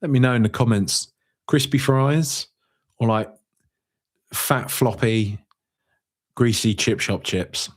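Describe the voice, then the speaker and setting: A man hosting a fan podcast, reading out viewer comments in a jokey, rambling way with sudden high-pitched outbursts. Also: takes it slowly, pauses often. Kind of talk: casual live-stream chat.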